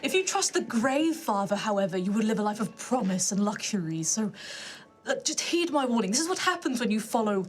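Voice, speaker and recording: A woman's voice: medium pitch, sing-song, a little fast, close to an everyday voice. A woman voicing a prim, preachy female cleric who lectures and scolds. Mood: scolding.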